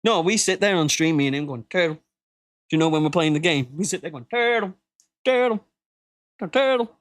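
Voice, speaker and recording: On his laid-back live podcast, a UK man speaks fast with a fairly bright tone. He laughs and jokes freely, now and then mimicking people in a ridiculous high pitch.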